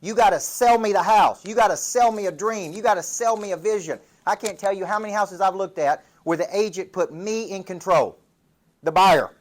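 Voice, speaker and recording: He sounds high-pitched and brisk, a Southern-accented man from Tennessee giving motivational business coaching. The talk is full of punchy stories and rhetorical questions.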